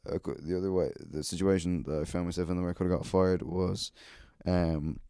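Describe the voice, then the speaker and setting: Brief: Irish man, 30s, solo podcast host, deep and dark, sweary, sardonic rambling stories. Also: fairly even intonation, a little fast, clean tone, no room sound, clean studio sound.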